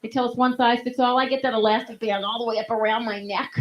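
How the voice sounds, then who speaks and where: A woman's voice: on the high side, fairly even intonation, fast talker. Laughing woman stand-up comic. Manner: punchy, laughing at her own jokes. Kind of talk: stand-up comedy. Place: live comedy stage. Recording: dull lo-fi live recording.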